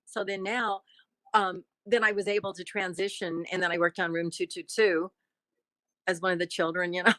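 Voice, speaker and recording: Chatty laughing actress, bright voice. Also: female voice, on the low side, flat delivery, normal speed, no echo. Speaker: actress and guest. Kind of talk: casual interview chat.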